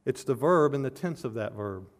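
A man's voice: mid-range voice, expressive, normal speed. A man preaching an expository sermon, earnest and building to emphatic peaks as he explains a scripture passage verse by verse.

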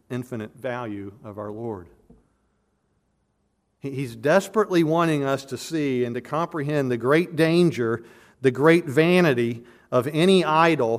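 An earnest man delivers an expository sermon with a mid-pitched voice. He is emphatic, pressing his points hard and often restarting or repeating words as he builds. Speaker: pastor.

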